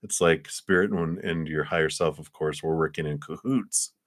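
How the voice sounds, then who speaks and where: A man giving live tarot readings in a gentle, rambling way with playful asides. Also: rumbling low, fairly even intonation, moderate pace, dry recording, studio quality. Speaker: tarot reader.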